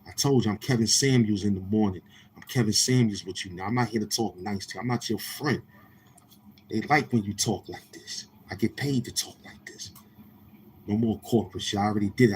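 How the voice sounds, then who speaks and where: A man's voice: lowish voice, darkish tone, slight background noise. A man from Queens with a New York accent, hosting a casual livestream and talking to viewers in a brash, profane, confrontational way. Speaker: livestream host.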